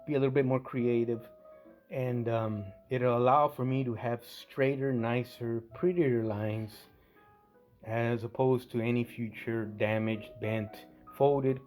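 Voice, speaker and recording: A man talks through his scale model restoration in a loose, conversational way, often stopping to correct himself mid-sentence. His voice sits at an ordinary middle pitch. Faint guitar music plays underneath. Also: darkish tone. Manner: rambling, self-correcting, conversational. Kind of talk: casual workshop narration.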